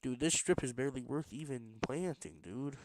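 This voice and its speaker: A man's voice: medium pitch, moderate pace, darkish tone, no echo. A man streaming a block-building game late at night, rambling to himself in a tired, casual way while he builds. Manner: rambling, self-talking, tired but pushing energy.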